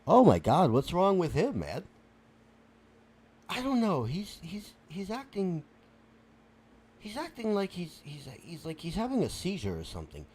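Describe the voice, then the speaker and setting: Male performer as an exasperated go-between who explains and placates, with a fairly high, lively voice. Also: a little slow, pauses often, husky, exaggerated voice. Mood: puzzled. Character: exasperated adult male bystander who tries to mediate. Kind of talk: comedic character sketch.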